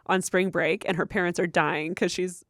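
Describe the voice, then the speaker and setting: A woman's voice: on the low side, fairly even intonation, normal speed, fairly bright tone, no echo, studio quality. A young woman co-hosting a podcast, bantering in casual chat with frequent giggles. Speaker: podcast co-host.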